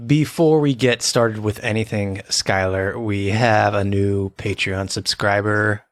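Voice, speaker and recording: A man co-hosting a casual podcast, joking around and slowing down for announcements. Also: lowish voice, fairly even intonation, dry recording. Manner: playful, jokey, slows down for announcements. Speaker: podcast co-host. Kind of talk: casual chat.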